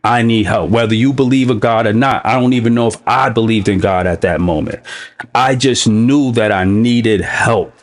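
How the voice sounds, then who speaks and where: A man's voice: medium pitch, normal speed. A man hosting a recovery podcast, speaking emotionally in a heartfelt, preaching way. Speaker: podcast host.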